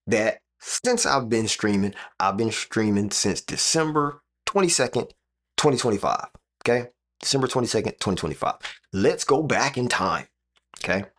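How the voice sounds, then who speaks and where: A man's voice: fairly low pitch, big pitch swings, moderate pace, fairly bright tone. A man streaming live from a room with his computers, talking straight to viewers in an emphatic, repetitive way. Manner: emphatic, repeats phrases, talks straight to chat.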